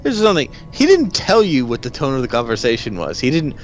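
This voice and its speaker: A man co-hosting a live game stream, chatting casually and explaining the game in halting, restarting bursts. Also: medium pitch, wildly swooping pitch, faint music behind. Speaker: stream co-host.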